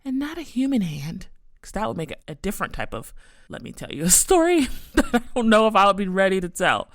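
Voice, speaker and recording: A woman's voice: mid-range voice, very animated, fairly quick, no room sound, studio quality. A young woman hosting a podcast, telling a story in a casual, rambling way full of "like" fillers. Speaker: podcast host.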